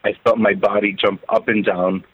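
A man telling his own story as an interview guest, halting and repeating words as he recounts it. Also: on the low side, level tone, breathy edge, no echo. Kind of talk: emotional first-person testimony. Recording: phone-like narrow band.

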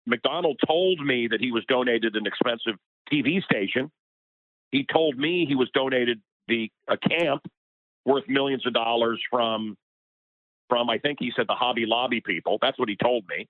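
Speaking at a moderate pace with a medium-pitched voice, this man is a radio personality being interviewed, and he becomes fired up and passionate as it goes on. The exchange is heated, and the dry recording has the tinny quality of a phone line.

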